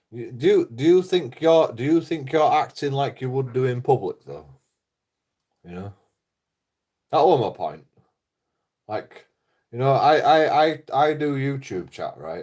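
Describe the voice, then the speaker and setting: A man's voice: mid-range voice, expressive, takes it slowly, pauses often, a little mellow. A man rambling through a casual livestream chat, swearing a lot, repeating himself and laughing at his own jokes. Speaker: livestreaming vlogger.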